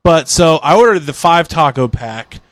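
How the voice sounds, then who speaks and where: A man's voice: a little high, animated, moderate pace, a bit bright, dry recording. A man co-hosting a podcast in casual chat, a rambling, chatty storyteller. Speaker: podcast co-host.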